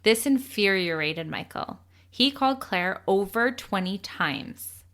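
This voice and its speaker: Bright-voiced young woman telling a true crime story. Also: medium pitch, lively intonation, slow pace. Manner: chatty, laughs often, swears casually. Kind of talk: casual true crime podcast chat.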